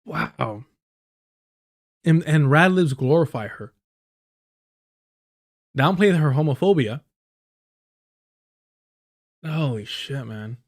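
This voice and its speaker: A man's voice: a little high, lively intonation, slow pace, pauses often. A man reacting to clips on a live stream in a sarcastic, profane, ranting way, from an indoor room. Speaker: political streamer.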